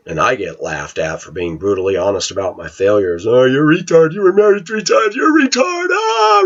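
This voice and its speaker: A man's voice: sits low, fairly bright tone, slightly rough, dull audio. A middle-aged man with a blunt, ranting manner, talking casually to viewers in a vlog. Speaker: vlogger.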